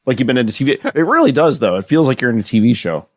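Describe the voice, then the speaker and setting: A man's voice: medium pitch, very animated, rapid-fire, no room sound. Blunt male podcast co-host. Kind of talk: casual chat.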